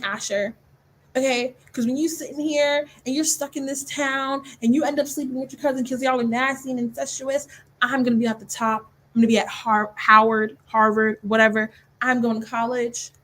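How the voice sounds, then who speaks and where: A woman acting out a defiant young woman standing up to a bully, fast and insistent. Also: sits high, fairly bright tone.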